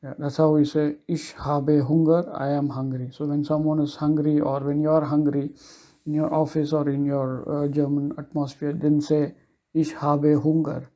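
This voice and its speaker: A man giving a casual language lesson, explaining simple German phrases in loose, chatty English and slowly repeating each phrase for the listener. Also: on the high side, completely flat delivery, warm tone, dull audio.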